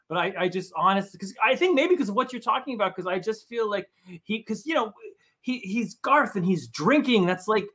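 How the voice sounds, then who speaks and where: Male guest, rambling and self-deprecating, bright voice pitched a bit high. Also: animated, brisk. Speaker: comics writer guest. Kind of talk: casual interview chat.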